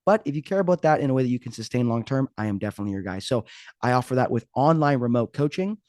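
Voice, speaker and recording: A man's voice: mid-range voice, expressive, very fast, darkish tone, no echo, studio quality. A man hosting a podcast, talking casually in a joking, rambling, self-mocking way. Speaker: podcast host. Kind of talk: casual podcast intro monologue.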